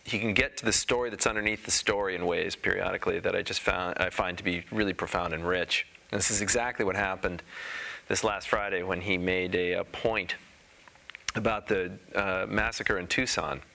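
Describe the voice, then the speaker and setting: Low, bright-toned man giving a talk. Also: steady tone, gravelly. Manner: halting and conversational, with frequent pauses and restarts. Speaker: Dharma teacher. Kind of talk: Dharma talk with personal anecdote.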